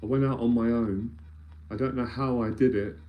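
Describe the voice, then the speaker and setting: A man's voice: medium pitch, fairly even intonation, moderate pace, muffled recording. A man, an anxiety mentor speaking earnestly and emphatically in a live-streamed talk, often repeating phrases as he builds a point. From London, England.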